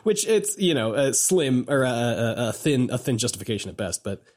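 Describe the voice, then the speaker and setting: A man co-hosting a casual podcast, recapping a video game in an excitable, rambling way with lots of fillers. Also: mid-range voice. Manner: rambling, excitable, quick asides and frequent fillers. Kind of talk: casual chat.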